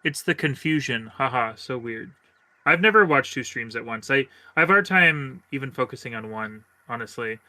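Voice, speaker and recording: A man's voice: medium pitch, expressive, normal speed, sharp tone, dry recording. A man streamer chatting casually while gaming, telling rambling, self-deprecating stories.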